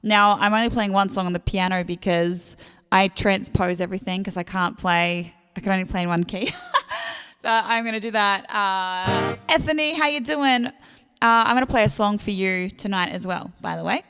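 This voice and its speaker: A woman's voice: medium pitch, normal speed, fairly bright tone, clear, resonant tone, big-room sound, soft background music. A young Australian woman hosting a livestream concert from home, chatting casually with viewers, greeting them by name and thanking them for tips, with plenty of fillers. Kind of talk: casual livestream chat between songs. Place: at home during lockdown.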